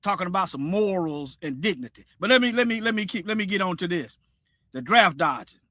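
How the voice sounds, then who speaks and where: Brief: male stream host, preachy and repetitive, sharp high voice. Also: fairly quick, dry recording, studio quality. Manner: preachy, repeats himself, animated. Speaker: livestream host. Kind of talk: casual commentary livestream.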